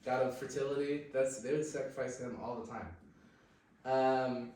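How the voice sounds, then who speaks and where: A man's voice: medium pitch, fairly even intonation, normal speed, mellow, slight background noise. Joking man in a very echoey room. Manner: joking, rambling, crude. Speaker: podcast host. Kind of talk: casual banter podcast. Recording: very echoey room, mic at a distance.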